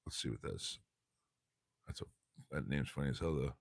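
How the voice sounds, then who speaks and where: Deep gravelly guy reading a textbook for class, laid-back, trips over words, on his phone. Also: expressive, normal speed, dry recording. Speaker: teacher. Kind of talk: casual lesson, reading a textbook aloud.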